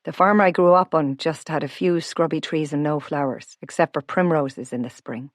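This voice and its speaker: A woman's voice: low voice, moderate pace, dry recording, studio quality, natural voice. A woman voicing a friendly, wealthy Irish man who is down to earth and teasing, with an Irish accent. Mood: genial. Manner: warm, teasing, homely.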